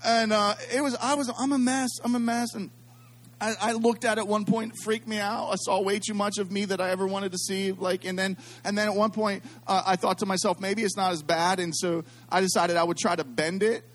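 A man's voice: sits high, brisk. A middle-aged man preaching to a congregation, telling a story full of asides and jokes aimed at the crowd. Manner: animated, self-deprecating, jokes with the audience. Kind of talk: storytelling sermon.

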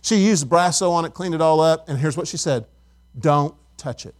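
High-voiced man preaching a sermon. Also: brisk. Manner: conversational, asks the congregation questions, tells stories. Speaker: pastor.

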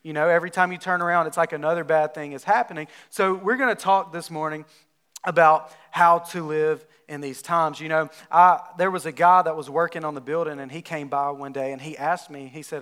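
A man, a pastor from North Alabama, preaching a sermon in a relaxed, conversational storytelling way. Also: a little high, brisk, clean tone.

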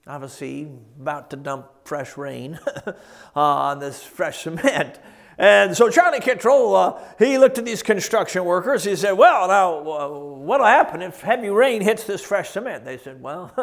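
A man preaching a sermon, telling stories with animated quotes and frequent laughter before teaching. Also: fairly high pitch.

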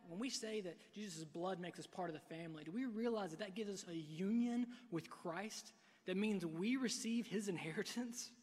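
A man preaching a sermon from a church pulpit, swinging between hushed and loud delivery. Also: high voice. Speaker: pastor. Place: church sanctuary. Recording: long reverb of a large hall.

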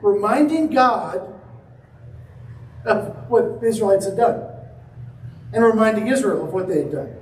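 High-voiced preacher, echoey and distant. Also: male voice, animated, unhurried, long pauses, a little hiss or hum. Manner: storytelling with acted quotes. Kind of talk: sermon.

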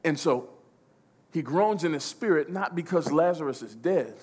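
Emphatic male preacher, higher voice. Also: expressive, normal speed, slightly rough. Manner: emphatic, repeating phrases, swinging from loud to hushed. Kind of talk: sermon.

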